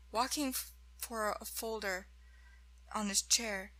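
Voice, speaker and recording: Female narrator for a first-person horror reading; slow, measured, bright tone. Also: medium pitch, poor audio.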